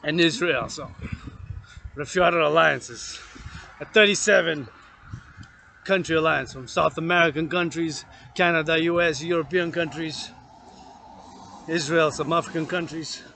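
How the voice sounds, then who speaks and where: A rambling man in his thirties holds forth as a fitness vlogger, hopping between topics and swearing freely. His fairly high voice has a gravelly fry and a bright, forceful edge, with faint noise and passing traffic behind him. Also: normal speed, long pauses. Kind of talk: rambling monologue.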